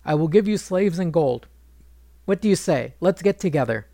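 A man's voice: on the high side, lively intonation, normal speed, vocal fry, dark tone, dry recording. A man voicing an arrogant, lustful army commander who talks boastfully and wheedles.

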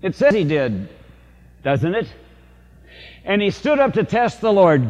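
A man's voice: high-pitched, big pitch swings, measured pace, long pauses, darkish tone, long reverb tail, highs cut off. An older man, a priest, preaching a sermon in a storytelling, confessional way, asking the congregation rhetorical questions.

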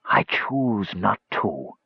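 A man rasping as a menacing bodiless dead wizard. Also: on the low side, sing-song, very slow, no room sound, muffled recording, heavily acted. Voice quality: rasping, hissing. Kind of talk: audiobook character voice.

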